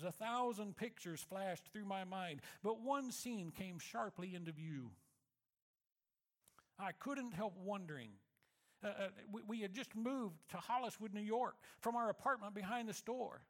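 A man speaking to his church, telling a personal story in a reflective manner that slows and softens for emphasis. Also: sits high. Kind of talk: storytelling sermon.

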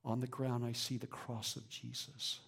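A man preaching a sermon as a pastor, moving between lively emphasis and hushed whispers. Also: medium pitch, normal speed, creaky, breathy edge. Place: church.

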